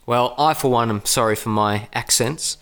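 A bright, crisp-voiced Australian man hosts a podcast in easy conversation. He keeps things moving with a wry touch, and his tone stays smooth and clear. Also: medium pitch, normal speed. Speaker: podcast host. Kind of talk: casual chat.

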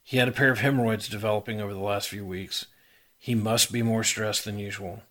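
Brief: male reader, lowish voice, even and dry crime-story narration. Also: a little fast. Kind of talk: reading a hard-boiled crime story aloud.

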